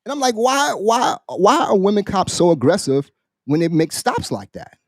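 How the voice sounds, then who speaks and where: A man, a military veteran, on a podcast, casually telling a story in an animated, profane way and acting out the people in it. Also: high voice, moderate pace, no echo, clean studio sound. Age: adult, military veteran. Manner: animated, profane, acts out quoted voices. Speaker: podcast co-host.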